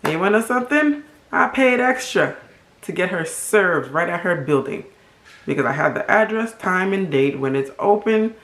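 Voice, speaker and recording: A middle-aged woman from Haiti, telling a storytime vlog story in an animated, emphatic and indignant way. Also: on the low side, normal speed. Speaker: vlogger. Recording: roomy echo.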